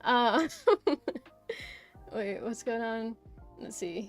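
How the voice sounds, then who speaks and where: A woman's voice: a little high, extremely slow, soft background music. A young woman streamer chatting casually, rambling through a story with lots of "like" and "right?".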